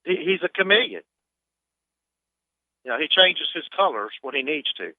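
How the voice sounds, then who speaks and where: A man's voice: fairly high pitch, expressive, normal speed, dry recording. A man calling in to a talk radio show, hesitant and stumbling over repeated words. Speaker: caller. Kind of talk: phone-in call to talk radio. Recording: phone line.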